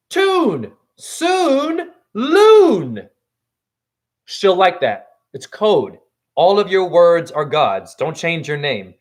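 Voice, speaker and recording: A man's voice: fairly high pitch, a bit bright. A man giving a profane, rambling, heated livestream rant as a self-styled spiritual teacher.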